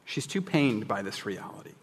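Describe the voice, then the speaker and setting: Candid preacher in a reverberant hall. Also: male voice, on the low side, very animated, moderate pace, husky. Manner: candid, jokey, emphatic. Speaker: pastor. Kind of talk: sermon.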